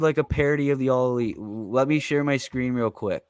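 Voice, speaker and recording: A man hosting a live watch party, reacting in an excitable, casual way and swearing now and then. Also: mid-range voice, smooth, no room sound, clean studio sound. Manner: excitable, swears, quick exclamations.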